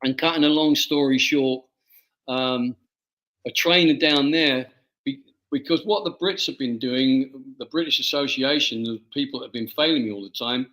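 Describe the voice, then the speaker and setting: A man, an author being interviewed, telling a personal story in a halting way and often repeating his words. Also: medium pitch, a bit bright, low-quality recording. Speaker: author guest.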